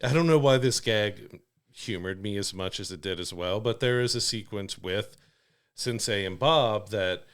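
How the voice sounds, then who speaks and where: Low-voiced man chatting about a film. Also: moderate pace, clear, resonant tone. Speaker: podcast co-host. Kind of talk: casual film review chat.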